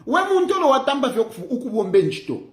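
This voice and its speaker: A man's voice: very high voice, big pitch swings, fast. A man with a Zambian accent, lecturing in a mocking way and repeating phrases for emphasis, recorded in an echoey room. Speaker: political commentator. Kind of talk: impassioned monologue.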